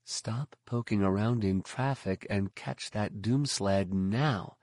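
A man voicing a commanding older woman, a Jedi mother, speaking slowly, blunt and firm. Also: fairly low pitch, a little mellow, no room sound, clean studio sound.

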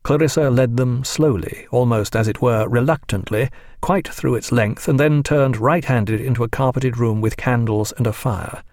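A man narrating a novel in a measured, even audiobook reading. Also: mid-range voice, dry recording, studio quality. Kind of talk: scripted narration.

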